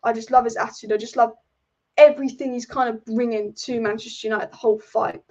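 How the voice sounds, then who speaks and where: A woman's voice: fairly high pitch, steady tone, quick pace, dark tone, dull audio. A woman hosting a football livestream from her room, talking bluntly, swearing freely and repeating herself. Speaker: football channel host. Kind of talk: casual livestream chat.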